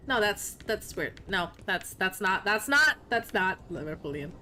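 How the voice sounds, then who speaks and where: A woman's voice: medium pitch, animated, normal speed, pushed and bright, slight background noise. A young woman streaming a video game, chatting casually in a playful, joking way and swearing freely. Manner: playful, swearing, laughing often. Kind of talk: casual gaming commentary.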